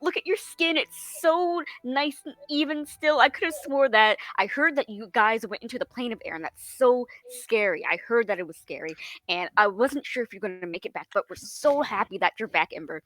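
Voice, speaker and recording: A woman voicing an excitable, motherly innkeeper who gushes in a rapid, breathless rush. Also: fairly high pitch, no echo. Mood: gushing.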